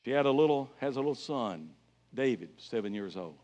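A middle-aged man preaching an evangelistic sermon as a guest evangelist in a church, telling stories with emphasis and building to loud exclamations. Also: medium pitch, lively intonation, brisk. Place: church sanctuary.

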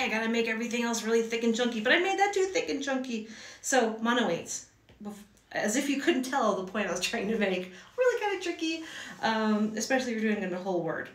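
A hand-lettering teacher gives a casual lesson in a room at home, rambling and chatty with plenty of fillers and restarts. Her mid-range voice sounds far from the mic, off-mic in an echoey room.

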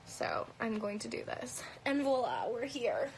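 A lightly Canadian-accented woman hosts a casual live Q&A on her phone at arm's length, tossing off blunt, profane replies laced with "um"s and "like"s. Her fairly high voice has huge pitch swings and a measured pace, on a low-quality recording with a little hiss or hum.

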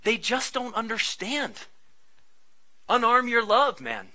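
Bright-voiced man preaching conversationally. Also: very high-pitched, slow, poor audio. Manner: conversational, animated preaching with asides. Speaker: pastor. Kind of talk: sermon.

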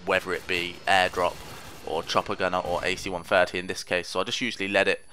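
A man with a low voice rambles through casual gameplay commentary, joking at his own expense and taunting the players he meets. His tone is bright and forceful, with a faint hiss of noise underneath. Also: flat delivery, fast. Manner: rambling, self-mocking, trash-talks opponents. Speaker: gaming commentator.

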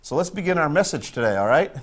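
A man's voice: a little high, sing-song, quick pace, a bit bright. A man from northern Maine preaching a sermon as pastor, emphatic and repeating his points for stress.

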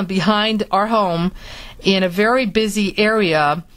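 A woman from Florida telling a personal story in a halting manner, with many restarts. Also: medium pitch, a bit bright. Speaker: speaker recounting her experiences.

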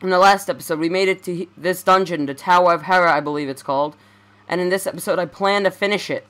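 A man's voice: high-pitched, fast, bright, forceful tone. A young man giving casual let's play commentary, rambling and stammering as he corrects himself.

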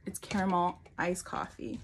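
A woman's voice: fairly low pitch, flat delivery, moderate pace, a little hiss or hum. A young woman chatting casually through a shopping haul vlog, rambling and full of "like", a bit out of breath. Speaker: vlogger.

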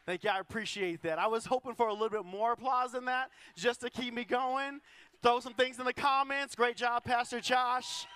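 High-voiced joking pastor, bright and clear. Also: male voice, steady tone, moderate pace. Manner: joking, self-deprecating, acts out quoted voices. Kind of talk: sermon with humorous stories. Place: church auditorium.

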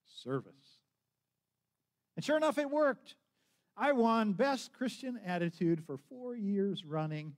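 A man's voice: high-pitched, very animated, slow pace. A man preaching a sermon as pastor, telling a story conversationally, with frequent restarts and acted-out quotes.

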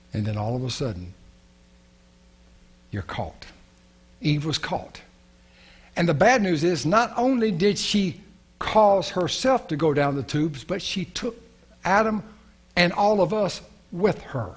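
A male pastor preaching with earnest conviction and prayerful repetition. His voice is husky and rather high for a man. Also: big pitch swings, a little slow, pauses often. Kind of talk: sermon.

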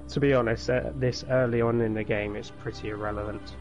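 A man's voice: medium pitch, fairly even intonation, brisk, over music. A man giving game advice over a call in a rambling, hesitant way.

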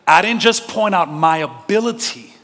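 A man's voice: sits high, lively intonation, normal speed, a bit bright, long reverb tail. A male pastor preaching a sermon, telling stories animatedly with laughs and direct questions to the congregation. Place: church sanctuary.

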